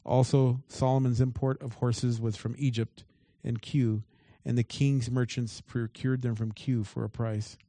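A man's voice: mid-range voice, flat delivery, a little slow, few pauses, mellow, no room sound. A man preaching a sermon as pastor. He reads scripture aloud and breaks off into emphatic asides.

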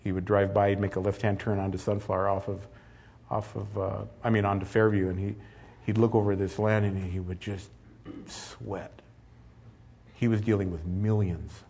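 A man's voice: lowish voice, level tone, normal speed, creaky, mellow, breathy edge. A middle-aged man preaching a sermon as pastor, earnest and rising to emphatic peaks.

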